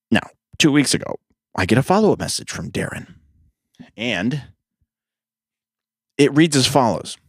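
A man's voice: fairly low pitch, sing-song, fairly quick, long pauses, dry recording, studio quality. A young man hosting a podcast, telling rambling, profane, self-mocking stories in a sarcastic casual monologue. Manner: sarcastic storyteller. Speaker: podcast host.

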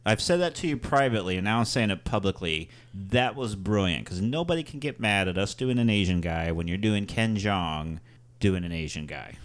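A man co-hosting a comedy podcast in casual chat, joking and slipping into quick impressions. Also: lowish voice, lively intonation. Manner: jokey, slips into quick impressions. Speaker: podcast co-host.

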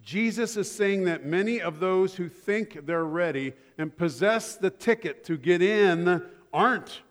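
A man's voice: sits high, a little slow, in a large hall. A male pastor preaching a sermon in a conversational way, mixing humorous everyday stories into his points.

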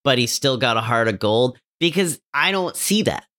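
A podcast co-host rants about a TV character, animated and swearing freely. The voice is bright and forward, at a middle pitch, and the talk stays casual and heated. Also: normal speed. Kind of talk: casual discussion of a TV show.

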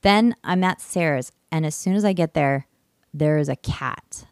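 Lower-voiced woman telling a casual story. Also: moderate pace, smooth, dry recording, studio quality. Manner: animated, laughing, swears freely, trails off and restarts. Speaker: podcast host.

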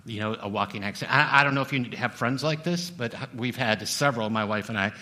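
Bright-voiced man preaching casually. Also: mid-range voice, fast talker. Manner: conversational, humorous asides to the congregation. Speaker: pastor. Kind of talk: sermon.

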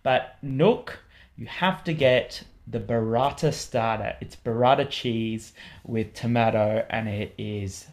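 A man's voice: mid-range voice, slow. A man in casual podcast chat, recommending places to eat with enthusiasm and plenty of ums and uhs.

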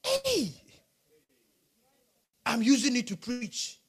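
A male pastor preaching a sermon, animated and rising to shouts. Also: high-pitched, moderate pace.

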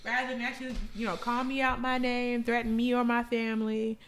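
A woman co-hosting a casual chat, telling stories in a frank, profane, animated way. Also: fairly high pitch, fairly quick, slight background noise. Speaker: podcast co-host.

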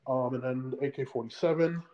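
A man's voice: medium pitch, a little fast, muffled recording, crowd noise. A man co-hosting a podcast in casual chat, rambling with many fillers and restarts. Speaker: podcast co-host.

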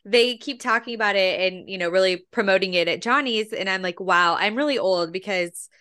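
A woman in her thirties co-hosting a podcast in casual chat, chatty and quick to laugh, with frequent fillers. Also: mid-range voice, pushed and bright, clear, resonant tone. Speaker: podcast co-host.

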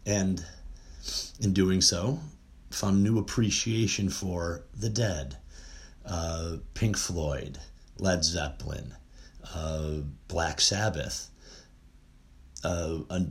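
A middle-aged man talking casually and at length, rambling with frequent "uh" fillers and restarts. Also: low-pitched. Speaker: music fan reminiscing. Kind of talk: casual monologue.

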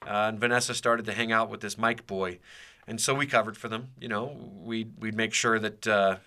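A man's voice: lowish voice, steady tone, moderate pace, sharp tone. A man hosting a podcast, telling a personal story in a casual, rambling way with many fillers and restarts. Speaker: podcast host.

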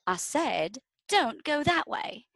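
A woman voicing a fussy little male worm with a British accent, talking in an insistent, higher voice. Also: sing-song, slow pace, creaky, a bit bright, no echo, full character voice. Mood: warning.

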